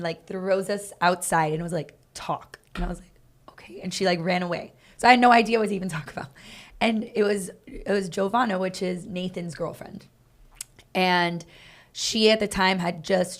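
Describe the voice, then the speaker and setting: A woman co-hosting a podcast, telling animated stories in casual chat and acting out what people said. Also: on the low side. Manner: animated, acts out quoted dialogue, fast bursts. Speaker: podcast co-host, dance team coach.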